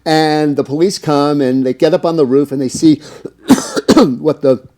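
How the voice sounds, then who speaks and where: A middle-aged American man speaks in a slightly high, unhurried voice with a darkish tone. He's a cannabis business owner appearing as an interview guest, spinning long, rambling anecdotes packed with fillers. He acts out the dialogue he quotes.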